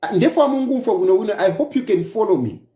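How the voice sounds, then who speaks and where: A Zambian-accented man delivering an opinion monologue with a warm, mellow tone. His pitch swings widely as he presses his points again and again with rhetorical questions. The sound carries a noticeable room echo. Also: sing-song, fast talker. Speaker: political commentator.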